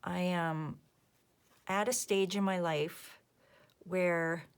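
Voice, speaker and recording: A woman in her fifties chatting casually while she crafts, rambling softly and muttering asides to herself. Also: fairly low pitch, fairly even intonation, extremely slow, smooth. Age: 50s. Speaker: crafting vlogger.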